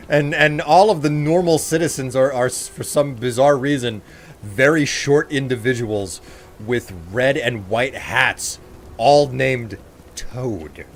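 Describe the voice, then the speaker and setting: A man's voice: mid-range voice, a little hiss or hum. A man streaming a game, giving casual, sarcastic commentary and poking fun at himself. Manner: sarcastic, joking, self-mocking.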